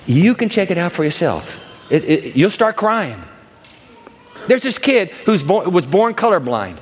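A man preaching a sermon to a congregation, telling a story with lively acting and asides. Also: sits high, a little slow, big-room sound. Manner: animated storytelling, acts out characters. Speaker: pastor. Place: large church hall with long reverb.

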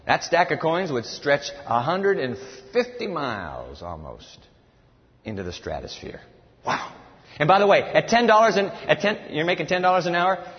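A man preaching a sermon to a congregation, animated, acting out a pleading servant in a whiny high voice. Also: moderate pace. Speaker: pastor. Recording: dull, lo-fi audio with long hall reverb.

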